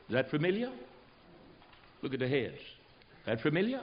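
An older American preacher delivers a folksy sermon, his voice rising high and lively, then dropping to a hush. He talks in a fairly high register, and the recording sounds dull and lo-fi. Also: normal speed, long pauses. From United States. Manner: animated, folksy, swinging from loud to hushed. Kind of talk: sermon with storytelling.

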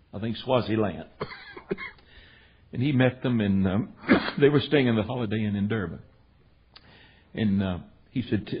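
Middle-aged male preacher with a rough, husky voice, folksy and emphatic, on a muffled lo-fi recording. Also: fairly low pitch. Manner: folksy, emphatic, repeats "said" while retelling stories. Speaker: preacher teaching the Bible. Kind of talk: storytelling sermon.

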